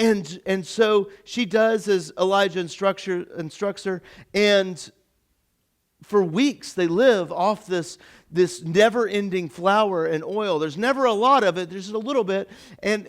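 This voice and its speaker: A male pastor giving a casual, interactive sermon in a church, chatty and stumbling over his words, acting out the characters' lines in quick asides. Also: high-pitched. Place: church sanctuary.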